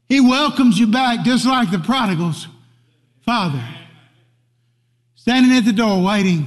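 High-voiced preacher, ringing hall. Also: male voice. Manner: preaching with rising, shouted emphasis. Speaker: pastor. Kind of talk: sermon. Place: church sanctuary. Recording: long hall reverb.

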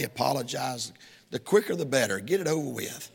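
A man preaching a sermon, folksy and emphatic, swinging between shouts and hushed asides. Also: medium pitch, lively intonation, normal speed, vocal fry, slightly rough. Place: church sanctuary. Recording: reverberant hall.

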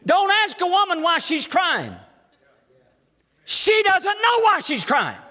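High-voiced, lively older preacher. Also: male voice, slow. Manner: emphatic, folksy preaching with sudden drops to low asides. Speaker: pastor. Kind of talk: sermon. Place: church sanctuary. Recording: long hall reverb in church.

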